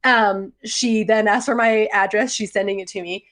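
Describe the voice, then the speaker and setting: A woman's voice: mid-range voice, moderate pace. A woman in her forties co-hosting a podcast, telling a story with lots of laughter in casual chat. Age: 40s. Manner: animated storytelling, laughs often. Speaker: podcast co-host.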